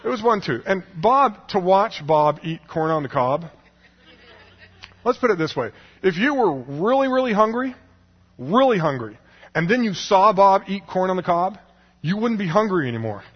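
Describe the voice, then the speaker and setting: A man's voice: sits high, big pitch swings, moderate pace, husky. A man telling a personal story to an audience in a chatty way, laughing often and acting out the people in it. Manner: chatty, laughs often, restarts, acts out quoted voices. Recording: long hall reverb, dull lo-fi sound.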